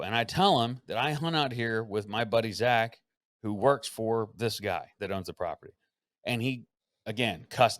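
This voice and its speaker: A man hosting a podcast who tells a story in a casual, animated way, acting out the quotes and swearing freely. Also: medium pitch, moderate pace, dry recording, clean studio sound. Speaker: podcast host.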